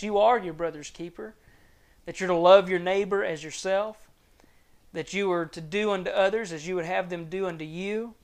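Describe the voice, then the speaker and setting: A man reads and explains scripture in a measured, earnest sermon, his clear, resonant voice sinking to soft, low tones whenever he reaches a grave point.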